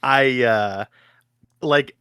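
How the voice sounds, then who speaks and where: A man in his thirties co-hosting a podcast, chatting casually and excitedly, swearing often and acting out his own reactions. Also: mid-range voice, extremely slow, smooth, dry recording, studio quality. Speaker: podcast co-host. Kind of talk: casual chat.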